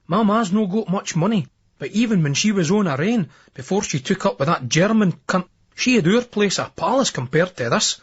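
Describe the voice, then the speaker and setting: Husky Scottish man narrating an audiobook. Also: high-pitched, expressive, normal speed, muffled recording. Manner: crude, coarse dialect storytelling. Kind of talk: first-person novel narration.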